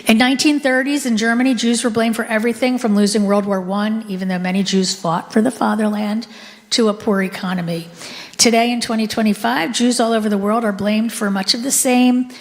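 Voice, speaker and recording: A woman's voice: on the high side, steady tone, fairly quick. Middle-aged woman, guest speaker, talking to an audience in a hall with a long echo. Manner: conversational, engages the audience with questions. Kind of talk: talk to a live audience. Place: synagogue hall. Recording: long hall reverb from a live room.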